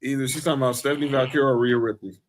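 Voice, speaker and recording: A man's voice: medium pitch, steady tone, racing, a little hiss or hum. A man co-hosting a wrestling podcast, talking casually in long rambling runs and laughing easily. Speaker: podcast co-host. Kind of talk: casual chat.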